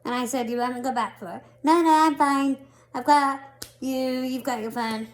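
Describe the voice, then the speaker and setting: A woman in her thirties tells a story straight to her phone, high-voiced and animated. She pokes fun at herself as she goes. The talk is casual and lively. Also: moderate pace. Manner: animated, laughing, self-mocking. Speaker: vlogger.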